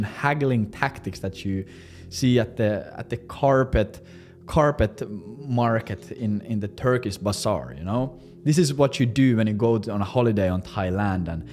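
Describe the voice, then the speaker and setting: A brash young man in his twenties talks through sales tactics in a casual, profane coaching style. His voice sits mid-range, and faint music plays underneath. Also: a little mellow. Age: 20s. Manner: brash and profane, acting out squeaky high voices. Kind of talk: casual instructional monologue.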